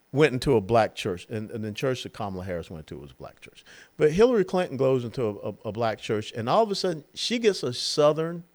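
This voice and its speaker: Animated older man giving commentary. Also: mid-range voice. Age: 60s. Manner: animated, mocking, mimics others in quotes. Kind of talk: political commentary monologue.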